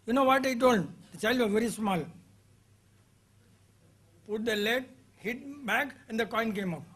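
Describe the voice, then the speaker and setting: Husky older man leading a seminar. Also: very high voice, unhurried, fairly bright tone. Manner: loose, clipped phrases. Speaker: therapy seminar leader. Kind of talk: informal seminar talk.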